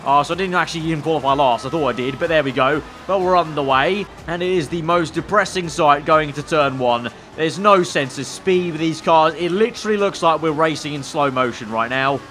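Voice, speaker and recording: A man's voice: a little high, a little fast, hardly any pauses, fairly bright tone, a little hiss or hum. A man, a gaming channel host, giving sarcastic, rambling gameplay commentary.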